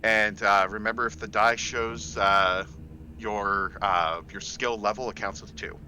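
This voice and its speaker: A man running a tabletop game as game master, describing scenes and calling for rolls in a relaxed way, with frequent pauses. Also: fairly low pitch, a little hiss or hum, poor audio. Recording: faint music behind.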